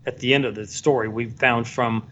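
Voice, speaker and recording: A man working as a photographer, telling a story in a casual, animated way and acting out the voices of the people in it. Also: medium pitch, normal speed. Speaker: photographer guest. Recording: dull lo-fi sound, faint background noise.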